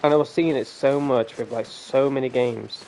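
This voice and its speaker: Male gaming host, casual commentary, rambling, ranty, swears a lot, mid-pitched voice. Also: steady tone, moderate pace, warm tone, slight background noise. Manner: rambling, ranting, swears freely.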